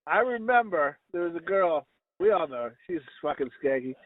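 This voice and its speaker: A man's voice: a little high, very animated, normal speed, no echo. A man co-hosting a podcast, telling crude stories in a rambling, laughing way. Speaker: podcast co-host. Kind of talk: crude casual chat. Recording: tinny, phone-like sound.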